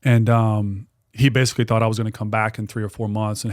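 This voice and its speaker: A man in his forties, a guest on a podcast, telling a story in a casual, animated way with lots of restarts and some swearing. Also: on the low side, fast. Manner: animated, repetitive, swears freely. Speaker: guest, dog trainer and business owner.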